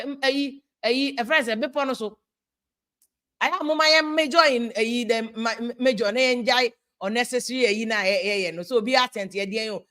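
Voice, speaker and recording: Animated Ghanaian woman hosting a live stream. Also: sits high. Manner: animated, mixing English with Twi, exasperated. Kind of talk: casual live-stream commentary reading viewer comments.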